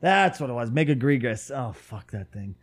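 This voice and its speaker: A man's voice: medium pitch, moderate pace. A man co-hosting a casual podcast, swearing freely and poking fun at his own mispronunciations. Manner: animated, profane, self-mocking. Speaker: podcast co-host. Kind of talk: casual chat.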